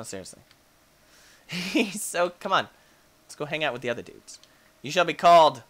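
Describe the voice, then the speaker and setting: An excitable man gives Let's Play commentary, swooping between squeals and soft baby talk. His voice sounds bright and sharp, and his pitch jumps all over. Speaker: gaming channel host.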